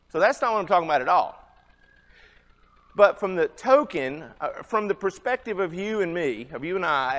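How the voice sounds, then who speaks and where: A man in his fifties teaching a church Bible class in a conversational way, asking the audience questions. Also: high voice. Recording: long hall reverb.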